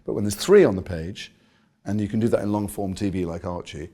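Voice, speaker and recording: British man, interview guest, rapid delivery, lowish gravelly voice, lively self-mocking storytelling. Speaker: actor guest. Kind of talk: conversational interview.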